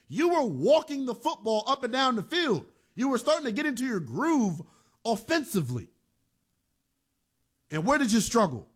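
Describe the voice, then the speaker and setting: A man hosting a sports talk show, giving emphatic, heated opinions in a casual, blunt way. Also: a little high. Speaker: sports radio host. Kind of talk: fired-up sports talk commentary.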